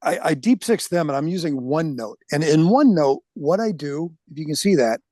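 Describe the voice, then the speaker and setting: A man's voice: fairly high pitch, animated, a little fast, mellow, no echo. An older man chatting as a podcast guest, blunt and enthusiastic, swearing casually. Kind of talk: casual chat.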